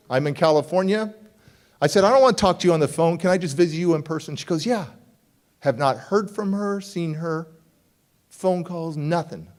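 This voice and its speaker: A middle-aged man giving a motivational keynote at a conference, telling a personal story and acting out the voices of the people in it. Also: on the high side. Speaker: motivational speaker. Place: conference hall.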